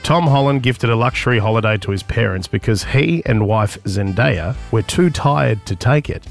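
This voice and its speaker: Brief: Australian male breakfast-radio co-host, gravelly voice, lively pitch, playful quizmaster. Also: normal speed, soft background music.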